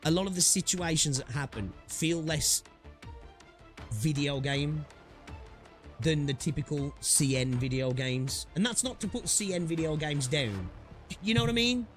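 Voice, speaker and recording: A man's voice: a little high, unhurried, soft background music. A man streaming a game, chatting casually in a rambling, hesitant way full of fillers and restarts. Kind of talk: casual livestream commentary.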